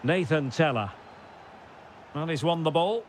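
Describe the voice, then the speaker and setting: A man giving play-by-play football game commentary, shouting on goals and calm between plays. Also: on the high side, a little slow, slight background noise.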